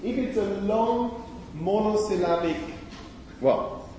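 Lecturer in an echoey hall, heard from afar. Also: male voice, high-pitched, slow, dark tone, recorded from a distance, slight background noise. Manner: conversational, asks the class questions, frequent "okay?". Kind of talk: university lecture on phonology.

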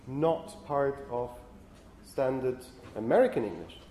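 A man lecturing university students on phonetics, lively and often putting questions to the class. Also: mid-range voice, normal speed, slight background noise. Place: lecture hall. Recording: echoey lecture hall.

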